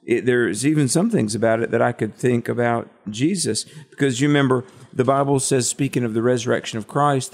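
A man's voice: medium pitch, gravelly, a little mellow. A man co-hosting a Bible study discussion, reading scripture and drawing out its meaning in a preacherly way. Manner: preacherly, asks questions of co-host. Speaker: Bible teacher co-host.

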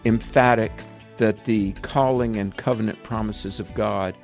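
A man's voice: lowish voice, fairly even intonation, a little slow, faint music behind. A man hosting a radio Bible program, folksy and emphatic, sprinkling in amens. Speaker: radio show host. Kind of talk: radio Bible study chat.

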